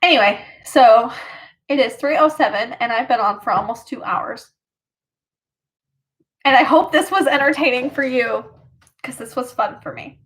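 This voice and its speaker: Woman streamer, casual storyteller, rambles with fillers and laughs, high voice. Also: moderate pace, long pauses, fairly bright tone. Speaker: livestreamer.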